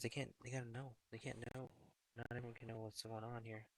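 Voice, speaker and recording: A young man streaming a fantasy football update in casual chat, talking low and half-whispered in a hallway indoors. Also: flat delivery, fast talker, dry recording. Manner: low, half-whispered talk, chatting with viewers.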